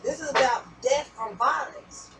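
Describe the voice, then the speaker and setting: A woman's voice: sits high, measured pace, distant mic, music in the background, rough recording. A woman giving a casual tarot reading, rambling and repeating herself, with some swearing. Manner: rambling, repetitive, profane. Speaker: tarot reader.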